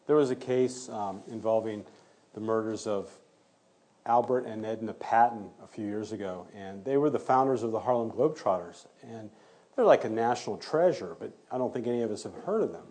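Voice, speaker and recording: A man with a dark, mellow, slightly husky voice recounts events in an interview. He tells it in an animated way and acts out the back-and-forth he quotes. He talks like a working forensic DNA analyst. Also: lowish voice, fairly quick. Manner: animated retelling, acting out quoted exchanges. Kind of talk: storytelling in an interview.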